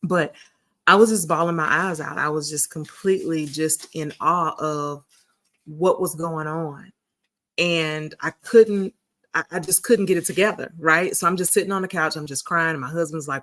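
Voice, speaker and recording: Speaking at a moderate pace, a woman in her forties chats folksily with viewers on her casual livestream, addressing them as honey and sugars. Her low voice sounds a bit bright and her intonation stays fairly even.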